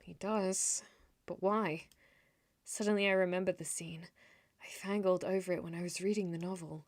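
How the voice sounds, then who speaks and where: A young woman streamer reading a story game aloud, animated, laughing and breaking off to comment. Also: lowish voice, normal speed, dry recording.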